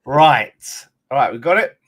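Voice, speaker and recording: A man's voice: medium pitch, expressive, moderate pace, fairly bright tone, breathy edge. A man hosting a live football fan stream, chatty and loose with plenty of swearing. His voice sits in a middle register with an everyday, unforced delivery. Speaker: fan channel host.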